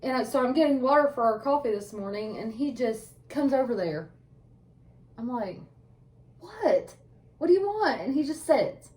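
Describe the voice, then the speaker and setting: A woman's voice: fairly high pitch, animated, normal speed, a little mellow, distant mic. A woman co-hosting a casual podcast, telling stories in a matter-of-fact way with frequent laughs and swearing. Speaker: podcast co-host. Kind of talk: casual profane chat.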